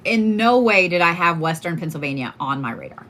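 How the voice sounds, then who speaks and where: A woman with a lowish voice chats on a livestream as a tarot card reader. She is from Oklahoma and talks in a candid, loose, profane way. Her speech is full of fillers and asides. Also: expressive, brisk, fairly bright tone. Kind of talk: casual livestream chat.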